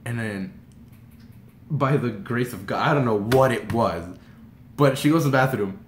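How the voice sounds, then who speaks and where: A young man from Texas excitedly retelling a personal story as a vlogger, rambling and animated with lots of "like" and restarts. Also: medium pitch, normal speed, slight background noise. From Texas, USA. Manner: rambling and animated, heavy use of "like", frequent restarts. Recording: roomy echoey room.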